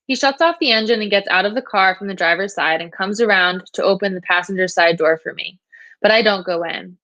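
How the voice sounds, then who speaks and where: A woman teacher reads a novel aloud for her class in a steady first-person narration. Her pitch is mid-range and the recording is dry and close. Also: fairly quick, no echo, lo-fi sound.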